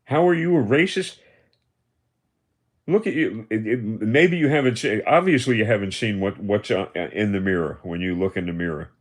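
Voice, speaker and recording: A man's voice: lowish voice, animated, moderate pace. Taunting man in his seventies. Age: 70s. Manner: accusatory, taunting, repetitive. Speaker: livestream host. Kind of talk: confrontational livestream rant.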